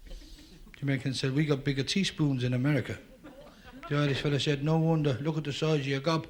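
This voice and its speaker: A man telling stand-up jokes with a brisk, punchy delivery. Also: fairly high pitch, flat delivery, over a noisy crowd. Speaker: stand-up comedian.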